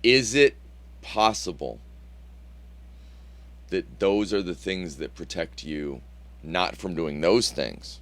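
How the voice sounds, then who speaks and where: A man co-hosting a podcast in casual chat, asking probing questions playfully and trailing off into quiet mumbles. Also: low voice, animated, slow pace, pauses often. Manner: playful, questioning, drops to a mumble at phrase ends. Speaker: podcast co-host.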